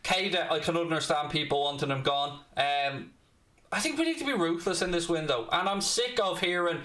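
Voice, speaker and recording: A man's voice: on the high side, expressive, normal speed, fairly bright tone. Blunt, cheeky Dublin Irish man. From Ireland, Dublin. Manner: blunt, cheeky, swears freely. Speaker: fan channel host. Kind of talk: football watchalong chat. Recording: roomy echo.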